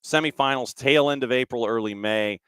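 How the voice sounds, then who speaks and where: A man hosting a sports talk podcast, running through schedules and listener comments in a brisk, conversational way. His pitch sits in the middle range, and the recording is close and dry. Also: fairly bright tone, clean tone, dry recording. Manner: brisk, rattles off dates and lists, reads listener comments. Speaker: podcast host. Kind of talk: casual chat and news rundown.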